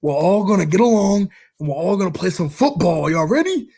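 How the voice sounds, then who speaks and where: A loud, rallying football coach bellows a team pep talk, as a man puts him on. The voice is pushed up high and strained above a plain speaking voice. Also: sing-song, a little fast, full character voice.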